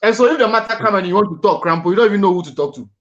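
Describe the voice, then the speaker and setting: A man's voice: sits high, animated, very fast, fairly bright tone, muffled recording. Earnest male boxing show host. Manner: earnest, repeats and restarts words. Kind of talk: panel discussion on boxing.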